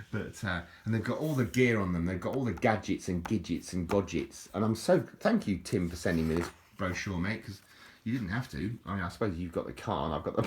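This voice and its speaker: A man's voice: low voice, animated, fairly quick, a little hiss or hum. A middle-aged man, rambling in a casual, jokey video monologue with frequent restarts. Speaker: vlogger.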